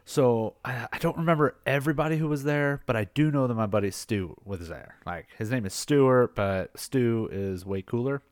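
A man's voice: medium pitch, moderate pace, few pauses, no room sound, studio quality. A middle-aged man, a former firefighter, telling a story in a casual, rambling way, full of fillers and chuckles at his own tale. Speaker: podcast host, former firefighter.

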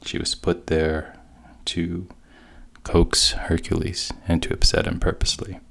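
A man casually retelling a story in an unhurried, halting way. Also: deep voice, monotone, gravelly, fairly bright tone.

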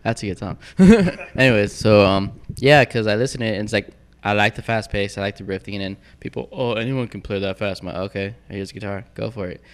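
A young man, a guest on a casual podcast panel, tells animated stories and acts out other people's lines. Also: on the low side, fast, few pauses. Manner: animated storyteller acting out quoted dialogue.

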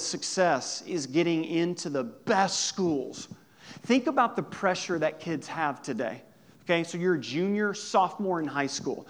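A male pastor preaching a sermon in a conversational way, with lively asides to the congregation. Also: fairly high pitch.

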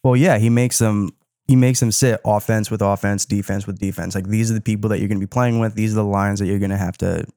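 A man chatting casually about a film, emphatic and relaxed, swearing freely. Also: on the low side, fast talker, no echo, studio quality. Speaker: podcast co-host. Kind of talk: casual movie discussion.

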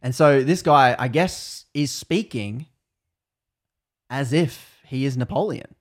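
A man's voice: mid-range voice, slow pace. A young Australian man tells a story on his podcast in a loose, casual way. He laughs often and acts out other people's lines as he goes. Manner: laughs often, animated retelling with quoted voices. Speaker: podcast host.

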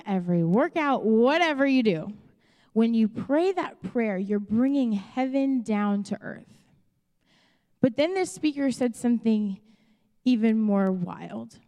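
A young woman pastor with a Chicago accent delivers a sermon in a frank, conversational way, slipping into acted-out asides. Her voice sits a little high. The sound rings out with the long reverb of a large church hall. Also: mellow. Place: church auditorium.

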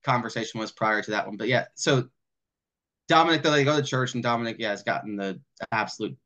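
Animated man retelling movie scenes. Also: mid-range voice, quick pace. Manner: animated storyteller, retells scenes with lots of "like" and swearing. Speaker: podcast co-host. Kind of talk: casual film discussion chat.

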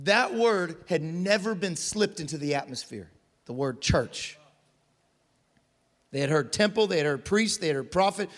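A male pastor preaching a sermon with call-and-response, building up to shouts. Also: a little high, animated, normal speed. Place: large church hall. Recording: long hall reverb.

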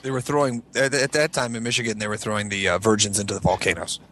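A man telling funny stories from his childhood in casual podcast chat, animated and profane. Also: on the low side, fast. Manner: animated storyteller, swears freely. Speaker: podcast co-host.

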